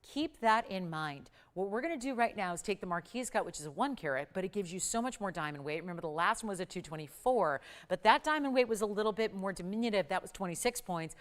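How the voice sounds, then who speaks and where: Woman, TV shopping host, live jewelry pitch, smooth resonant voice, upbeat urgent patter, studio. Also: lively intonation, fast talker, hardly any pauses. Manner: urgent, upbeat salesy patter with price countdowns.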